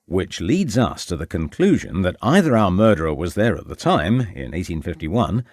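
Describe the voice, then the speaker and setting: A man's voice: deep voice, big pitch swings, moderate pace, a little mellow, no room sound. Man reading as a formal Victorian inspector. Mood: measured. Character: shrewd Victorian police inspector, measured and formal.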